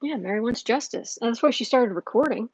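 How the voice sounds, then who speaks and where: A woman's voice: fairly high pitch, expressive, fast, slightly rough, dry recording, poor audio. A woman hosting a livestream tarot reading, heated and ranting, often restarting her sentences. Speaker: tarot reader and channel host.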